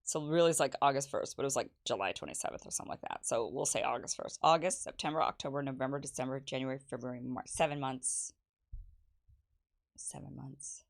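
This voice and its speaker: A woman's voice: extremely low pitch, fairly quick, creaky. A young woman hosting her own livestream, chatting casually about her life and reading viewer messages aloud with teasing asides and laughs. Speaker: show host. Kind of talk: casual birthday livestream chat.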